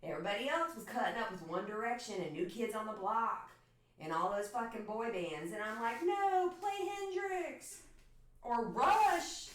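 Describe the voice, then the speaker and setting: A woman's voice: medium pitch, brisk, fairly bright tone. A woman chatting casually and swearing with her viewers while she paints in her home studio during a livestream. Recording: echoey room from far off.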